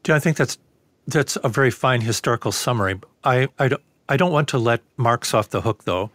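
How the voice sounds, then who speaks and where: Measured, lecturing man guest. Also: medium pitch, a bit bright, no room sound. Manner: measured, lecturing, with many fillers. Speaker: interview guest, professor. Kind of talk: conversational interview.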